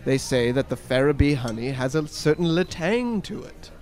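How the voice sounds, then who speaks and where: A man's voice: mid-range voice, lively intonation, normal speed, a little mellow, faint music behind. A man from Canada co-hosting a comedic sports podcast, joking and riffing with puns. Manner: jokey, punning, riffing. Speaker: podcast co-host.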